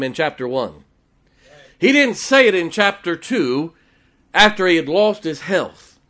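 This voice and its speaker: A man's voice: high-pitched, big pitch swings, takes it slowly, fairly bright tone. A man preaching a sermon, emphatic and repetitive, his voice rising and falling for effect. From West Virginia. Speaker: pastor.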